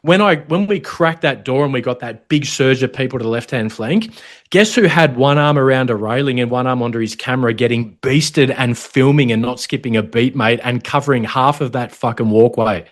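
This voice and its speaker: A man's voice: medium pitch, fairly quick. Blunt, slangy Australian man telling war stories. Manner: blunt, swears freely, slangy and matey. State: choked up, holding back tears at times. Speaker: guest, former close protection officer. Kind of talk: emotional storytelling interview.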